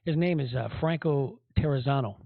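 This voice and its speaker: A man's voice: medium pitch, fairly quick, vocal fry, no room sound. Indignant rambling man, tinny audio. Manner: rambling, indignant, many fillers. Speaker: podcast host. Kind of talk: casual commentary.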